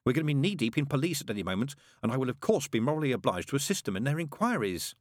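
A man's voice: mid-range voice, big pitch swings, racing, no echo, studio quality, voice pushed up, lightly acted. A man voicing a prim, fussy male angel with a mild, proper manner.

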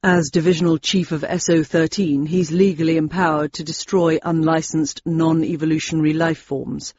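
A woman reading the part of a wary, sarcastic husband who speaks in a cool, measured and threatening way. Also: sits low, fairly even intonation, darkish tone, highs cut off, a little hiss or hum, voice pushed down. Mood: coldly threatening. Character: dry, wary middle-aged male husband, sarcastic.

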